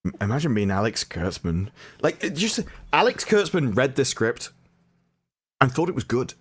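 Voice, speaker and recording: This is a man with a casual, everyday received-pronunciation English accent, chatting as a co-host on a livestream. His pitch swings up and down a lot as he explains things at length, often restarting mid-sentence. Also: sing-song, normal speed, slightly rough.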